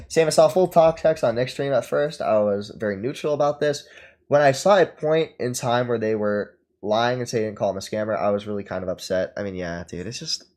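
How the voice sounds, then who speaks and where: Dude ranting on stream, sarcastic, swears a lot, lots of "like" and "okay". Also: male voice, on the low side, brisk, a little mellow. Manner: profane, sarcastic, lots of fillers. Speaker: streamer reacting to a podcast. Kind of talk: casual ranting commentary.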